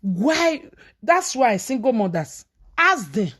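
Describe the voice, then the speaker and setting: A woman with a Nigerian Pidgin accent, vlogging in dramatic storytelling commentary. Her voice sits fairly high and swings widely, and she scolds hard, shouting one moment and dropping low the next. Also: very animated, takes it slowly, slightly rough. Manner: scolding, dramatic, shouts and switches between loud and hushed.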